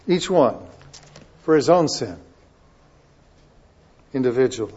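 A man preaching a sermon with a fairly high voice, captured on a dull, lo-fi recording. He drops into quiet asides, then rises into loud, forceful readings of scripture. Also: expressive, moderate pace, pauses often. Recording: dull lo-fi sound.

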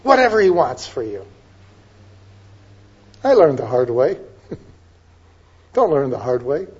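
Preacher with a dramatic, swinging delivery. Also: male voice, medium pitch, very animated, breathy edge. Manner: dynamic, swinging between soft asides and loud emphatic drawn-out lines. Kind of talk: sermon. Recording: dull lo-fi sermon recording.

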